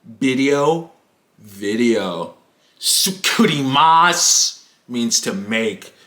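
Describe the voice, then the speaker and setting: A man's voice: on the high side, big pitch swings, sharp tone, roomy sound, voice pushed down, full character voice. A man mocking a smug show-off classmate. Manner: smug, drawn-out, know-it-all.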